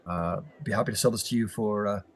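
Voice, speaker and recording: A man's voice: fairly low pitch, quick pace, lightly acted. A man voicing a shady male weapons dealer who haggles with many hesitant "uh"s. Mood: wheedling. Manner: hesitant, full of "uh"s, eager to sell.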